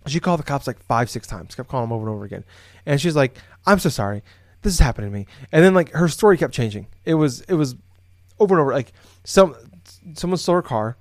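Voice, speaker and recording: A man's voice: mid-range voice, lively intonation, fast talker, darkish tone, no room sound. Rambling man telling a story on a podcast. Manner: rambling, lots of fillers and restarts. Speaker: podcast co-host. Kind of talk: casual storytelling chat. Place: home office, indoors.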